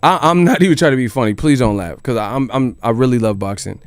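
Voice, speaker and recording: A man's voice: mid-range voice, fast talker, clear, resonant tone, no room sound, studio quality. A man hosting a boxing news channel in casual commentary, joking and incredulous, with plenty of swearing. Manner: incredulous, joking, profane rant.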